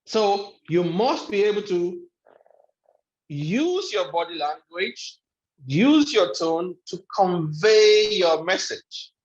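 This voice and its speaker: A man delivers a motivational lecture in a fairly high voice, hammering home his points by repeating them. The sound is dull and lo-fi, with a noticeable echo from the room around him. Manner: emphatic, repeats key phrases for effect. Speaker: webinar speaker on life skills.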